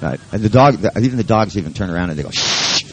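A man's voice: fairly low pitch, expressive, racing, a little mellow, a faint crowd, poor audio. A man leading a live workshop who talks in a rambling, joking and profane way. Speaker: seminar leader.

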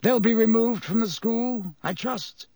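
A man voicing a calm, wise old male headmaster who speaks quietly. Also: very high-pitched, unhurried, no echo, clean studio sound, voice pushed up. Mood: gentle.

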